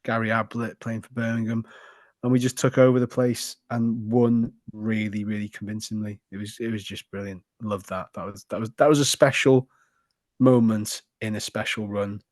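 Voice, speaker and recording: A man, co-hosting a football podcast and telling stories in an animated, cheeky, sweary way. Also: fairly low pitch, moderate pace, no echo, clean studio sound. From Wrexham, Wales. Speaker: podcast co-host. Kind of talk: casual football podcast chat.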